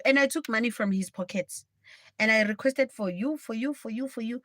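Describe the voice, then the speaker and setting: A woman's voice: a little high, moderate pace, a bit bright, dry recording. A young woman with a South African accent, hosting a livestream and telling a story bluntly and dramatically. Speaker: livestream host. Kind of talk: casual storytelling.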